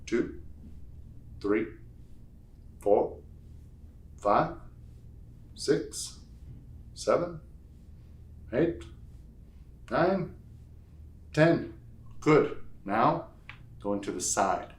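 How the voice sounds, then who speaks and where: A man's voice: mid-range voice, lively intonation, extremely slow, pauses often. A man leading a home strength workout, counting reps aloud and adding playful asides. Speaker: fitness instructor. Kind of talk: guided workout instruction. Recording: echoey room.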